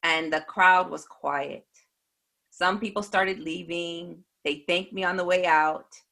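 A woman earnestly recounting a personal faith testimony in a measured way. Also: fairly low pitch, steady tone, vocal fry, bright, forceful tone. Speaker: speaker giving a faith testimony.

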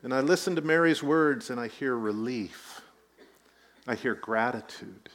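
A man's voice: medium pitch, measured pace, a bit bright. A man preaching a sermon, telling the story with rising emphasis and light asides. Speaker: pastor.

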